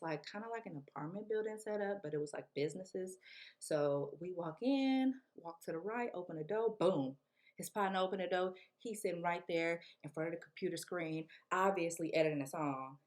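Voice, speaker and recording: Young woman, casual storyteller, slang-heavy, expressive melody. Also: fairly low pitch, normal speed. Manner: animated, slangy, acts out quotes. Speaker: vlogger.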